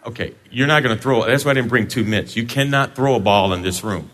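A male pastor preaching a sermon in a church sanctuary, playful and animated, joking with his congregation. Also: medium pitch, a little fast, big-room sound.

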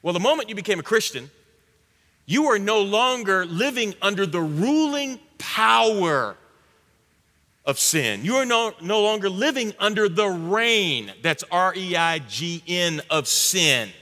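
A male pastor preaching a sermon, swinging between loud emphatic bursts and hushed low lines. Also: expressive, measured pace. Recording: long hall reverb.

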